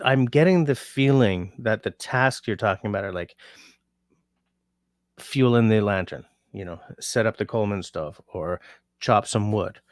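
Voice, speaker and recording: A man's voice: lowish voice, no room sound, studio quality. A tired man hosting a casual livestream, rambling and reading out comments from his chat. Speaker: livestream host.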